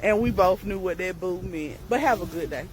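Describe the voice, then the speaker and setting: A woman's voice: fairly low pitch, lively intonation, moderate pace, a loud crowd, low-quality recording. Sassy, chatty woman telling a story. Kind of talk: storytime vlog. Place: grocery store.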